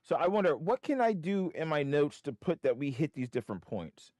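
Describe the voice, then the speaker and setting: A man's voice: fairly high pitch, big pitch swings, a little fast, darkish tone, no echo, clean studio sound. A man hosting a live trading stream from home, thinking aloud in casual, rambling commentary. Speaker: livestream trading host. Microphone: desk microphone, wearing headphones.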